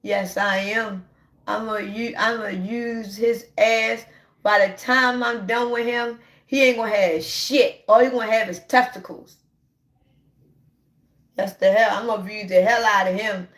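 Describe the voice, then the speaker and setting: A woman's voice: medium pitch, steady tone, unhurried, a bit bright, echoey room. A woman hosting a casual livestream, talking straight to her viewers in a brash, profane and repetitive way, laughing often. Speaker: livestream host.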